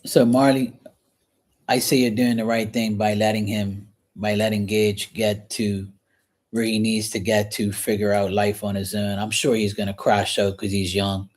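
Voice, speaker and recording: Low-voiced man chatting while washing dishes. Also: little pitch movement, normal speed. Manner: rambling, frank, clears throat often. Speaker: livestream host reading chat. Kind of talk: casual chat. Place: home kitchen, washing dishes.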